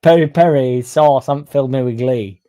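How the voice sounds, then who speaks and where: A man's voice: mid-range voice, normal speed, dark tone. A young man hosting a football fan livestream, chatting sarcastically and reading out viewer comments. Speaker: fan channel host.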